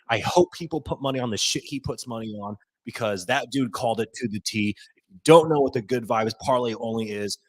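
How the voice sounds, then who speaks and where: A male podcast host with a mid-range voice delivers a live post-game rant, so fired up he can hardly get the words out, rambling and cursing. The recording is rough but echo-free, picked up by a desk mic with his headphones off.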